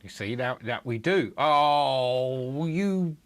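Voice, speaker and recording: Slow-talking middle-aged man, rambling chat. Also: mid-range voice, lively intonation, a bit bright. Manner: rambling and chuckling, with frequent fillers and restarts; exasperated muttering while debugging. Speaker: programmer streaming live coding. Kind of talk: casual live-stream chat.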